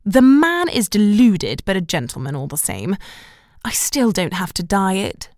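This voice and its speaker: A woman's voice: medium pitch, big pitch swings, normal speed, darkish tone, dry recording, studio quality. A woman reading the part of a bitter, disapproving middle-aged mother in an audiobook, clipped and reproachful. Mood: tart.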